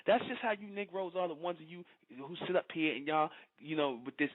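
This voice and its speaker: A man's voice: on the high side, lively intonation, quick pace, few pauses. Confrontational man on tinny phone audio. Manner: confrontational, repeats "you understand?". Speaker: online speaker addressing followers. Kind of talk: preachy monologue.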